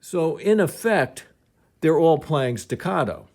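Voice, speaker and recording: A man's voice: a little high, animated, takes it slowly, darkish tone. A man teaching piano technique, explaining patiently and thinking aloud, with some restarts as he demonstrates.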